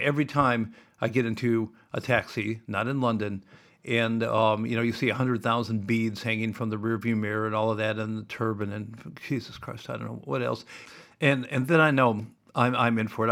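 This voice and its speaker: A man's voice: medium pitch, a bit bright. A man, hosting a podcast as a rambling solo monologue full of wry asides and digressions. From Iowa, USA. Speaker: podcast host.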